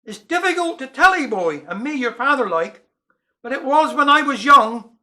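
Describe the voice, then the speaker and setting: A man's voice: very high voice, lively intonation, moderate pace, sharp tone, full character voice. A Cornish man voicing a sheepish, awkward father in a comic verse.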